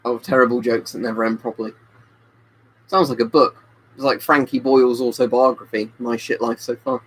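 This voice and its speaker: A man's voice: medium pitch, flat delivery, a little fast, husky, low-quality recording. A man chatting on a live webcam stream, tipsy from drinking, rambling and reading out viewer comments. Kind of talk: casual live-stream chat. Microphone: webcam mic.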